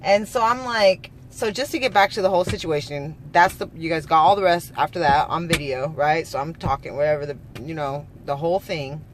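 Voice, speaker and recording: A woman's voice: deep voice, a little fast, hardly any pauses, a little hiss or hum. A woman from California, a mother, telling a story in a heated, profane vlog rant, quoting people back and forth. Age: adult mother. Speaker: vlogger.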